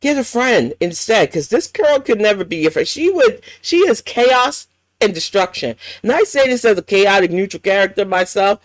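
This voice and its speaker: A woman's voice: mid-range voice, lively intonation, normal speed, dry recording. A woman hosting a reaction commentary, ranting bluntly and swearing often. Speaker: commentary channel host.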